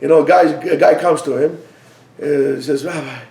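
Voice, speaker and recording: A man's voice: on the high side, moderate pace, vocal fry, roomy sound. A middle-aged man teaching an informal Torah lesson, joking and telling stories conversationally. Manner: animated storyteller, joking, conversational. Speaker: rabbi teacher.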